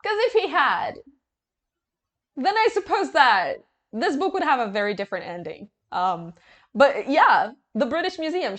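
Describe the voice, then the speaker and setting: A woman's voice: high voice, unhurried. A woman reviewing a book, reading passages aloud and breaking into sarcastic, profane rants. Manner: sarcastic, swears freely, swings from flat reading to loud outbursts.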